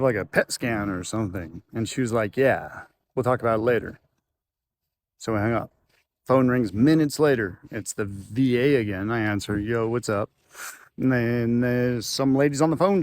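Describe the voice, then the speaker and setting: A man's voice: mid-range voice, moderate pace. A man telling a long personal story in a loose, rambling way, with a faint hum of noise behind him. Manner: rambling, loose, with fillers and restarts. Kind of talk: casual storytelling to camera.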